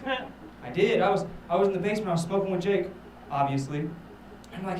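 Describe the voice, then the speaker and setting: A man's voice: high-pitched, fairly quick, reverberant, distant mic, noisy background. A man doing a rambling, self-mocking stand-up set, swearing a lot. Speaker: stand-up comedian. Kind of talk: stand-up set at a live show.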